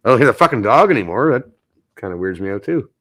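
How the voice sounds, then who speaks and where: A man's voice: medium pitch, sing-song, fast talker, a bit bright. A man chatting casually on a live stream, rambling and swearing often. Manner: rambling, swears a lot, gets anxious. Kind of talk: casual chat.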